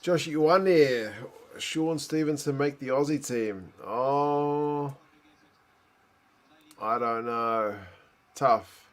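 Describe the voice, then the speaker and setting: A man's voice: medium pitch, very slow, long pauses. A man hosting a casual live watch-along, chatting and reacting aloud to a rugby match. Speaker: host.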